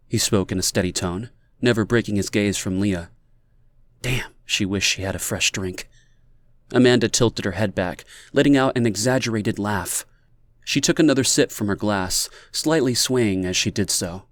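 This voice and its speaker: A man reading fiction aloud as an audiobook narrator in a measured, even manner. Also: fairly low pitch, no echo, clean studio sound. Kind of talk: scripted narration.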